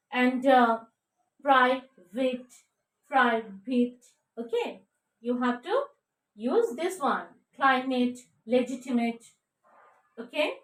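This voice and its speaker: A woman teaching pronunciation, drilling words slowly, spelling out letters and checking with "okay?" between them. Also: sits high, distant mic. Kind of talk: slow drilled pronunciation lesson. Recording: echoey room, a bit off mic.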